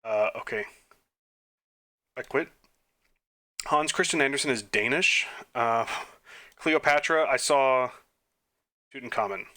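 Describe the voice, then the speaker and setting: A man's voice: medium pitch, slow, long pauses, bright, forceful tone. A man playing an online trivia quiz and thinking aloud, muttering answers, breaking into flustered outbursts and mocking himself. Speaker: gaming YouTuber. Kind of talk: quiz playthrough commentary.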